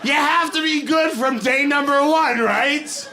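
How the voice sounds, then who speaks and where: A man from the Boston area performing a stand-up comedy set, telling stories quickly and animatedly, with bursts of shouting. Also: very high-pitched, background noise. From Boston area, USA.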